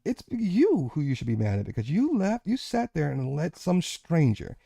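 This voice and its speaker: A man's voice: on the high side, sing-song, moderate pace, vocal fry, mellow, breathy edge, no echo. Man, panel host, emphatic, preachy, dry close sound. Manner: emphatic, lecturing. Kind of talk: casual panel discussion.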